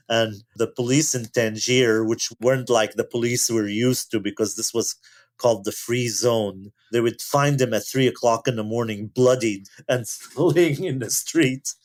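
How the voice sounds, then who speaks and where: A man's voice: medium pitch, measured pace, darkish tone. A man telling stories as a podcast guest, amused and chuckling as he goes. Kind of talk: anecdotal storytelling.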